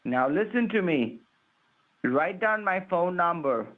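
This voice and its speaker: A man scamming over the phone, repetitive, shouting orders and then pleading over and over. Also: sits high, expressive, slow. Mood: angry. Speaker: phone scammer posing as an official. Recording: tinny phone line.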